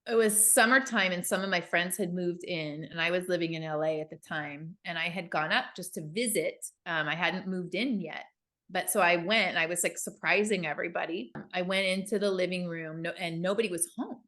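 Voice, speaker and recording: A woman co-hosting a podcast, telling a personal story in a casual, animated chat and acting out the voices of the people in it. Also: fairly low pitch, brisk. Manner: animated, acts out quoted voices. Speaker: podcast co-host.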